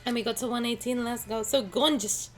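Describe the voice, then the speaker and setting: A young woman streaming a game, chatting playfully to her viewers, joking and breaking into excited shouts. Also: a little high, brisk, soft background music. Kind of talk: casual game stream commentary.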